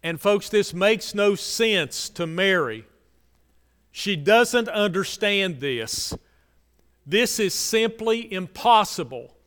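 A fairly high-voiced man preaching in a church sanctuary, his words ringing with a long reverb. His tone is smooth and resonant, and he repeats key phrases for emphasis before falling to quiet, low lines. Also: animated, slow. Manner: earnest preaching, repetitive emphasis, drops to soft low lines. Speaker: pastor. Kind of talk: sermon.

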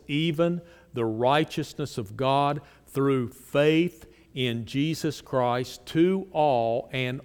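A man's voice: mid-range voice, darkish tone, big-room sound. A man preaching a sermon, reading scripture aloud with strong emphasis and putting pointed questions to his congregation.

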